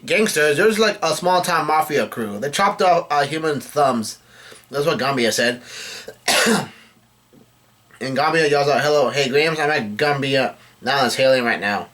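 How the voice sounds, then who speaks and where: Man, casual chapter recap, halting and self-correcting, reads character lines plainly, mid-pitched voice. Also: a bit bright. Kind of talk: casual chapter read-through.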